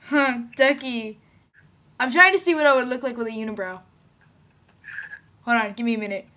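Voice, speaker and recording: A woman's voice: fairly high pitch, moderate pace, sharp tone. A woman rambling playfully in a casual video diary, giggling often. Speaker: vlogger.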